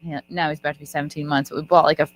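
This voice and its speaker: A woman's voice: deep voice, little pitch movement, very fast. A woman in her thirties hosting a live podcast, chatting casually and rambling, often trailing off mid-sentence. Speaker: podcast host. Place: live event at a resort.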